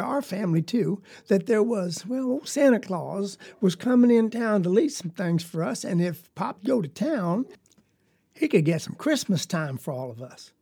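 A woman's voice: medium pitch, vocal fry, warm tone, slightly rough. A woman with a Southern US accent playing a young farm girl who tells a story in a rambling, folksy, confiding way. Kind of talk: dramatic monologue.

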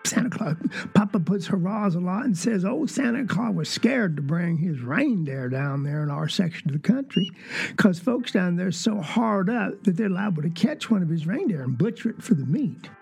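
Casting: a performer doing a Southern country kid spinning a yarn, gravelly, folksy, full of little asides. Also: medium pitch, lively intonation, moderate pace, darkish tone, faint music behind, exaggerated voice. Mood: earnest, wondering. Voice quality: folksy dialect storytelling, drawling asides. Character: rural Southern child telling a Christmas memory. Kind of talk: dramatic monologue.

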